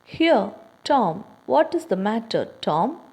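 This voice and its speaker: Woman reading as an alarmed storybook boy, high and pleading, slow. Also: big pitch swings, a little mellow, husky, full character voice. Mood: anxious. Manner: pleading, urgent. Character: anxious young boy, a worried brother.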